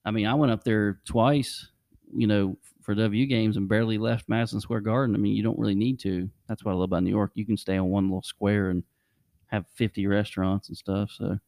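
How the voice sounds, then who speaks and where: A man's voice: on the low side, fairly even intonation, a little fast, gravelly, a little mellow, dry recording, clean studio sound. A man hosting a podcast, rambling casually through travel stories and chuckling often. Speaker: podcast host. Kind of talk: casual chat.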